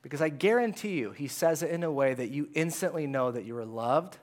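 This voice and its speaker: A man with a slightly high voice delivers a sermon from a church stage. He speaks in a casual, conversational way and swings between animated bursts and hushed asides. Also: brisk. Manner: conversational and animated, dropping to hushed tones for quoted words. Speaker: pastor. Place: church sanctuary.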